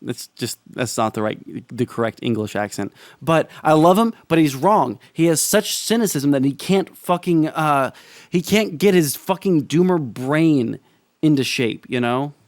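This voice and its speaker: A young male streamer riffs through casual political commentary in a fairly high voice. He rants, swears freely and keeps restarting his sentences. The sound is dry and close, with no room around it. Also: animated, measured pace, darkish tone, no echo. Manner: profane, ranting, restarts often.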